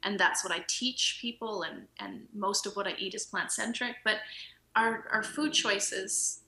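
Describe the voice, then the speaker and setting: Bright-voiced woman telling stories. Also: mid-range voice, unhurried, vocal fry. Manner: storytelling, laughs often, acts out quoted dialogue. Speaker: podcast guest, nutritionist. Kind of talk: casual interview storytelling. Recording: roomy echo.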